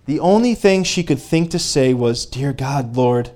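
A man preaching a sermon, reading a story aloud and pausing to speak directly to his congregation, growing fervent. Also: medium pitch, expressive, darkish tone.

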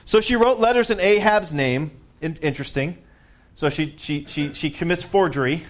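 A man's voice: a little high, normal speed. A man leading a Bible study, reading scripture aloud and breaking off for conversational asides and questions to the group. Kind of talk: reading scripture with casual commentary.

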